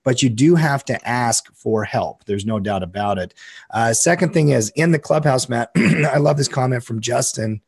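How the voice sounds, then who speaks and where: A man co-hosting a market show in an easy, upbeat way. He reads out viewer comments at a middling pitch and chimes in casually. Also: lively intonation, moderate pace, gravelly, darkish tone, husky, no echo, clean studio sound. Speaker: trading show co-host. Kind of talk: casual market talk, reading chat comments.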